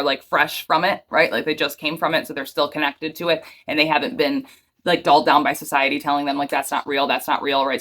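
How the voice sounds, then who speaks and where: A woman in her thirties giving a casual, chatty reaction commentary, full of fillers and quick asides. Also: sits low. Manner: chatty, filler-heavy, excitable. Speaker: host reacting to cryptid videos.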